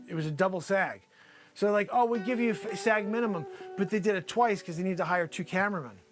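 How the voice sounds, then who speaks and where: A man hosting an improvised comedy show, parodying a news anchor and riffing on his guests with loose, teasing banter. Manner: breaks into high-pitched fits of laughter, shouting.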